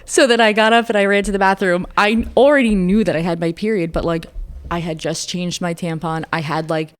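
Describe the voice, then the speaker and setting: A woman's voice: lowish voice, fairly even intonation, brisk. Candid, swearing young woman storyteller. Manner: candid storytelling, frequent swearing and laughter, lots of "like". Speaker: podcast co-host. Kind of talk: casual chat.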